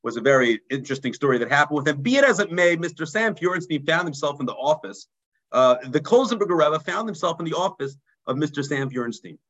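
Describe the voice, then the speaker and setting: A man, a rabbi telling a story in a mussar sermon, dropping low and quiet for emphasis. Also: animated, fast, poor audio. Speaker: rabbi teaching a mussar class.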